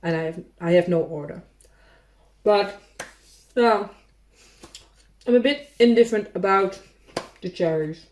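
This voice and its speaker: A woman's voice: medium pitch, measured pace, long pauses, darkish tone. A woman cooking vlogger chatting casually and thinking aloud as she tastes her food, eating between words. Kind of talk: casual chat while tasting food.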